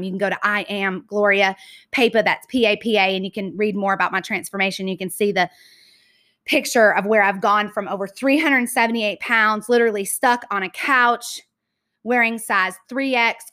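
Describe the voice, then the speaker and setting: A woman's voice: mid-range voice, bright, forceful tone. A woman, candidly telling her personal story on a podcast, earnest and full of "like" and "y'all". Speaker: podcast host.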